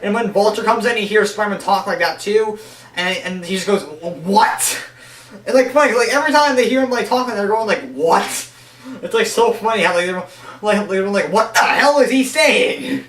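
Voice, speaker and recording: A man's voice: sits high, fast, fairly bright tone. A young man giving a casual, rambling countdown of favorite cartoon episodes, with lots of restarts and fillers. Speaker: show reviewer. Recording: echoey room, voice a bit far from the mic.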